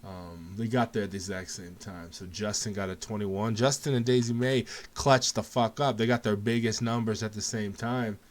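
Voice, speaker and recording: A man hosting a casual live game show, calling results in an excited, jokey way and laughing often. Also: fairly low pitch, normal speed, hardly any pauses. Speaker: host.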